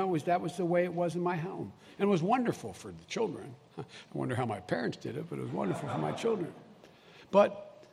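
A man's voice: a little high, gravelly, darkish tone. An older man giving a folksy, emphatic public speech full of personal stories. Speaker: vice president giving a speech. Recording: long hall reverb, faint ambient noise.

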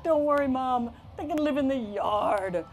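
A woman's voice: high-pitched, expressive, a little slow, faint music behind, pitched above the performer's own voice. A woman voicing an eager young child who begs their mom, in a storybook read-aloud. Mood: pleading.

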